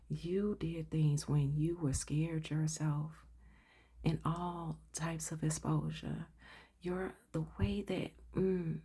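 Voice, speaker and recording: A woman giving a casual tarot reading, blunt and profane, often dropping into whispered asides. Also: dark tone. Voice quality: husky, gravelly low voice. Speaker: tarot reader.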